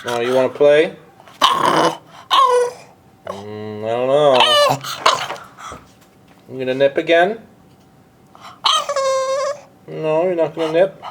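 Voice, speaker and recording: A pet owner talking gently to a puppy, coaxing and soothing in slow, repeated phrases. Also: mid-range voice. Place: at home with a dog. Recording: home video with background noise.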